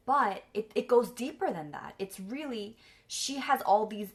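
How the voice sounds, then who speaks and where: A woman's voice: a little high, lively intonation, a little slow, hardly any pauses. A young woman telling a personal story candidly, full of fillers and close to tears. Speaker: vlogger and coach.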